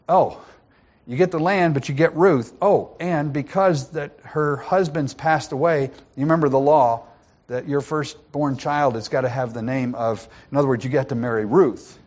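A man's voice: on the high side, moderate pace, darkish tone. A man preaching a sermon, retelling a Bible story with playful asides and frequent restarts.

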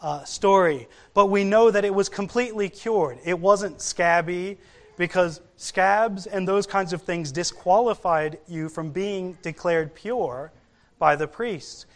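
Slow, high-voiced male preacher. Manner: slow, storytelling delivery that acts out quoted voices. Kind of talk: sermon.

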